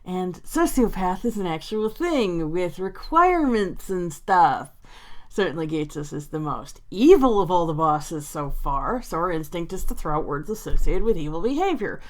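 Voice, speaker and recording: A woman's voice: on the low side, expressive, normal speed. A woman giving an opinionated commentary vlog, exasperated and sarcastic, with frequent sighs and laughs. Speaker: video creator.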